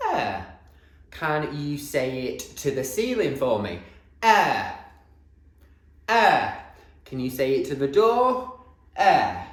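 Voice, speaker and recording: Man, primary teacher, slow and very lively sing-song phonics delivery, echoey classroom sound. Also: mid-range voice. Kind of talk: phonics lesson for young children.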